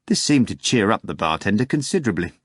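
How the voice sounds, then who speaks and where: A man reads a novel aloud in a measured, steady storytelling voice that sits on the low side. The recording is close and completely dry, with no room sound. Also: breathy edge, no echo. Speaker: audiobook narrator. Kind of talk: scripted audiobook narration.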